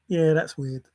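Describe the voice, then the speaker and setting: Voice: medium pitch, a little mellow, dry recording. An older grandparent hosting a casual livestream, rambling irreverently and swearing offhand as they react to chat. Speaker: livestream host reading chat.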